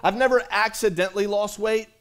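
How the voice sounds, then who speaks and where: Male pastor, slightly high voice, relaxed conversational sermon style with call-outs. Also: a little fast, clear, resonant tone. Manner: conversational, repeats himself, calls out to the congregation. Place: church sanctuary.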